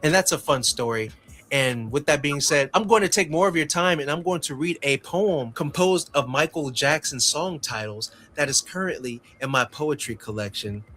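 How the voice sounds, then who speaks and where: A man telling a story casually on his channel, rambling and animated, then reading out a poem. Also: fairly high pitch, moderate pace, slight background noise. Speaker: YouTuber.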